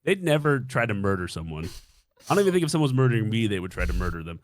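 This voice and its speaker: A man's voice: on the low side, sing-song, very fast. A young man casually telling a dating story on a stream, swearing freely and acting out his own reactions.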